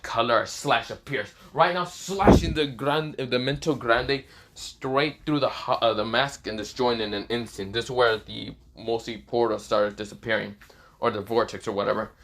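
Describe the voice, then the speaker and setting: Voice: mid-range voice, moderate pace, fairly bright tone. A fan-fiction narrator casually retelling a story, rambling with many fillers and self-corrections.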